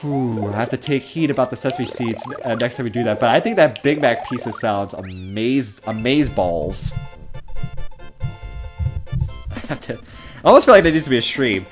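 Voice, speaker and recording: A man's voice: medium pitch, animated, normal speed, over music. A young man streaming a game from home, chatting casually, rambling and laughing as he reads chat comments aloud.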